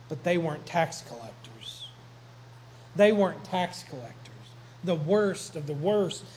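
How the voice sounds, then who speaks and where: Male pastor, relaxed storytelling sermon delivery, unhurried, pitched a bit high. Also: slight background noise, low-quality recording. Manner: conversational, joking storyteller.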